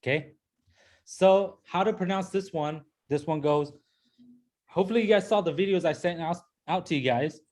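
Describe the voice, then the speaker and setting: A man with a high-pitched, slightly mellow voice teaches a class pronunciation at normal speed. Patient throughout, he repeats the sounds and keeps checking with "okay?" and "right?"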